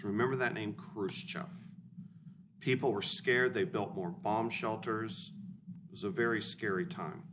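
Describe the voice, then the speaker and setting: A man in his forties lecturing as a history teacher, blunt and informal, often checking in with his students. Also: fairly low pitch. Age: 40s. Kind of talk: recorded classroom lecture. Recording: distant mic with room noise.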